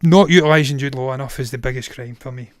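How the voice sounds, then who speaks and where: A man's voice: mid-range voice, fast, no echo. A man in his thirties gives blunt, opinionated verdicts and swears without a second thought. His voice sounds tired and strained after a long stream. The sound is close and dry, with no room around it. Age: 30s. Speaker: film reviewer and live-streamer. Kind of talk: casual live-stream chat.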